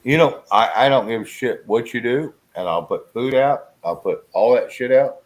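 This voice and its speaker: A man's voice: mid-range voice, animated, moderate pace. A man chatting casually as host, blunt and joking, laughing often. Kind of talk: casual chat.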